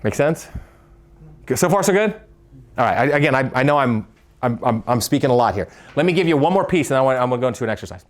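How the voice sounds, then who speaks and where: A leadership speaker with a mid-range voice runs a live workshop, animated and asking the audience questions. He stammers and stumbles over quick restarts.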